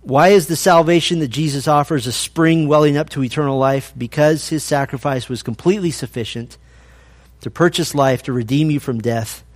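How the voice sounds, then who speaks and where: Animated pastor preaching. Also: male voice, on the high side, normal speed. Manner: animated storytelling, acting out quoted voices. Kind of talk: sermon.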